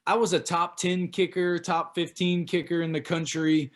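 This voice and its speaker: A man from Oklahoma, a pro football punter, telling a lively story as a podcast guest and acting out the voices of people he quotes. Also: a little high, moderate pace. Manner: animated, acts out quotes of others. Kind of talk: casual storytelling interview.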